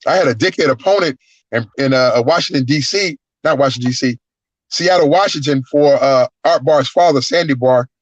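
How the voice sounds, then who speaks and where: A man, a guest wrestler, telling stories in an animated, profane way and acting out the voices. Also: mid-range voice, moderate pace, no room sound. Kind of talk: casual storytelling. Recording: dull lo-fi, dry sound.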